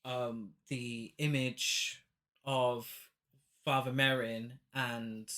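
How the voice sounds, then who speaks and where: Speaking at a medium pitch, this co-host makes deadpan, dry comments about a movie during a relaxed podcast conversation. The speech stops and restarts often, coming out haltingly.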